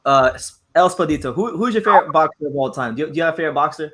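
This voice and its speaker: A man's voice: a little high, expressive, racing, fairly bright tone. A man hosting a boxing live stream, easygoing, who often stammers and repeats words. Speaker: boxing channel host.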